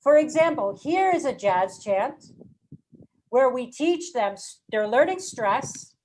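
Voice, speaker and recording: A woman running a workshop for teachers, explaining ideas slowly and carefully and chanting example phrases to show their rhythm. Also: high-pitched, animated, a little mellow, poor audio. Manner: slow, deliberate, demonstrates rhythm by chanting. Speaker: teacher trainer.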